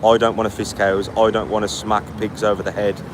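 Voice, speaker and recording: Brisk and fairly low-pitched, with little pitch movement, a man reads his stream's chat aloud while on a long walk beside a street. Fatigue shows as he tosses out blunt, mocking retorts in casual live-stream talk over faint street noise.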